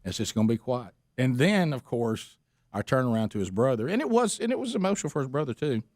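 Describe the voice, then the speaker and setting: A man's voice: medium pitch, sing-song, fast talker, darkish tone, no echo, studio quality. A middle-aged man, co-hosting a radio show and telling a long teasing story full of restarts. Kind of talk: casual chat.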